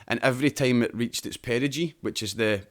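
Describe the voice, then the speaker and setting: A Scottish man in his own casual podcast chat, swearing freely as he explains things at length. His voice sits in a middle pitch and he keeps an animated, laughing manner. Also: brisk. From Scotland. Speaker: podcast host.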